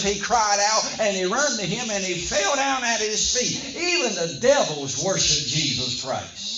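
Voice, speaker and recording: A pastor with a high voice preaches to his congregation, pushing them to answer back and repeat after him. The sound is echoey and a bit muffled, as from a church room. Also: a bit bright. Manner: emphatic call-and-response preaching. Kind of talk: sermon.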